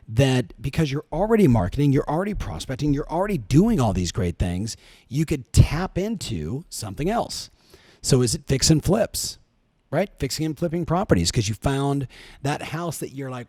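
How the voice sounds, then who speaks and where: Middle-aged male podcast host, warm and dry, energetic motivational coach. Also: medium pitch, moderate pace, no room sound. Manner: energetic, coaching, asks rhetorical questions.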